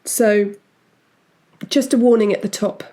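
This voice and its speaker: Woman podcast host, relaxed and chatty, mid-pitched, with frequent asides while recounting a case. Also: measured pace. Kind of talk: casual true-crime storytelling.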